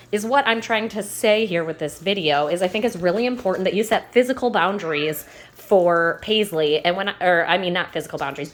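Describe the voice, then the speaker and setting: Casting note: woman in her thirties, lowish voice, easygoing dog-training vlogger at home, rambles with fillers. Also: fairly bright tone. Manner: chatty, loose, with fillers and restarts; sweet high baby talk to the dogs. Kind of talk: casual instructional vlog. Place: in her home, walking between rooms.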